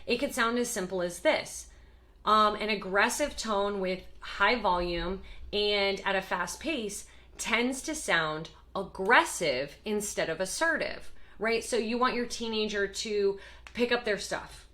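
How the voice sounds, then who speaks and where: Bright-voiced woman teaching with emphasis. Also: mid-range voice, measured pace. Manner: lively, emphatic, with acted example voices. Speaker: parenting educator. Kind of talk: explanatory talk to camera.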